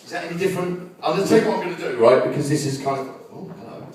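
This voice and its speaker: A man's voice: a little high, very fast. An older man doing a crude, boisterous stand-up set, bantering with the crowd in a club. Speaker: stand-up comedian headliner. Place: comedy club stage. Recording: echoey club from far off with loud crowd. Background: audience laughing.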